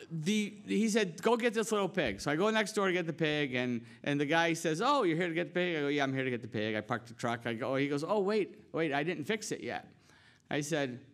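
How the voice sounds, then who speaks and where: A male pastor telling a rambling, animated story in his sermon, full of restarts and asides. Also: on the high side. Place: church sanctuary.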